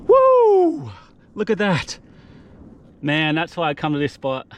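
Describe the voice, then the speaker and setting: Filmed outdoors on an action camera, this young man gives live commentary on his kayak fishing, whooping and breathless with exuberant excitement. His voice sits on the high side, measured in pace and clean in tone.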